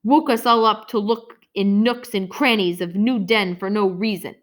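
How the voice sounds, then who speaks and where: A woman voicing an excitable male beaked creature in an audiobook, squawking in clipped, broken phrases. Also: mid-range voice, normal speed, close to an everyday voice. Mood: grumbling.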